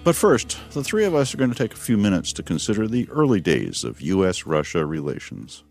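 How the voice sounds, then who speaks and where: A man co-hosting a history talk show, explaining in a measured, thoughtful way. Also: low voice, sing-song, gravelly, no echo, faint music behind. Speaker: history podcast co-host. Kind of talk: conversational history discussion.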